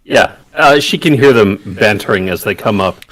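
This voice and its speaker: A man playing a tabletop game, describing his character's actions in an unhurried, descriptive way. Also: on the low side, expressive, a bit bright, no room sound. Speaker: player.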